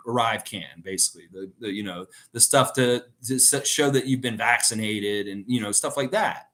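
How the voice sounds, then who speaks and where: A man's voice: fairly low pitch, moderate pace, hardly any pauses, fairly bright tone. A middle-aged man hosting a casual live stream. He rambles, reads out viewer comments and tells stories with frequent laughs.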